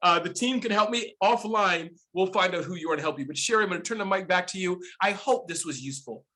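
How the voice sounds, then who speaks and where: A middle-aged man giving an energetic webinar talk, exclamatory and animated, swinging between loud bursts and soft asides. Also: high voice, quick pace. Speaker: guest speaker.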